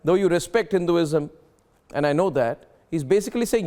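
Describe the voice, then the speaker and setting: A man's voice: high-pitched, expressive, moderate pace, dark tone. A man hosting a heated television debate, emphatic and repetitive as he talks over his guests. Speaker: news debate anchor.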